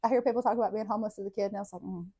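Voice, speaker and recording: A woman tells childhood stories on her podcast. She talks casually, swears freely and breaks into laughter often. Her voice sits at an ordinary middle pitch for a woman. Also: racing, breathy edge. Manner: profane, laughing, animated storytelling. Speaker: podcast host. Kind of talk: casual storytelling.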